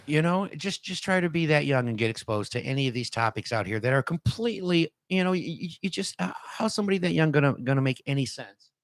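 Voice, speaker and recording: A man's voice: on the high side, animated, fast, dry recording. A man in his fifties, born and raised in Detroit, hosting a casual opinion talk show and rambling in a folksy way with lots of "you know" and restarts. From Detroit, USA.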